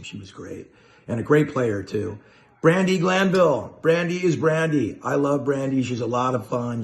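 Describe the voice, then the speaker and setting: A man hosting a casual chat video, laid-back and enthusiastic, full of slang. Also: medium pitch.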